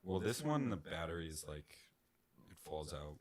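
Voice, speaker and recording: A man's voice: deep voice, sing-song, moderate pace. A young man co-hosting a casual podcast, laid-back, mostly giving short replies and asides. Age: young adult. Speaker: podcast co-host. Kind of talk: casual chat.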